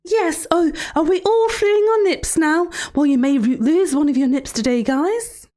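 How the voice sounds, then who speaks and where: A woman streaming live in character as a teasing female villain therapist, talking in a mock-sweet, menacing, drawn-out way to her chat. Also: high-pitched, warm tone. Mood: playful teasing. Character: creepy, teasing female villain therapist hosting cruel trials.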